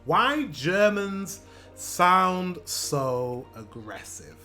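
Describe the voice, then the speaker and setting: Excitable British man reacting. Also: high-pitched, very slow, soft background music. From Britain. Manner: excitable, swears and laughs. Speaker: reaction video host. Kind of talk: casual reaction commentary.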